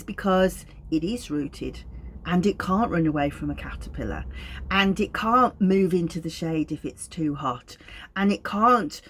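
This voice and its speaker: A middle-aged woman with a Wolverhampton accent, an aromatherapist explaining her practice to camera in a gentle, unhurried, thoughtful way. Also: fairly low pitch, animated, slight background noise. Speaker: clinical aromatherapist.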